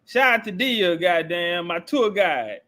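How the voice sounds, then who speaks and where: A man reacting to a clip in casual, rambling, profane commentary, loud and laughing often. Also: high voice, expressive, unhurried. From South Carolina.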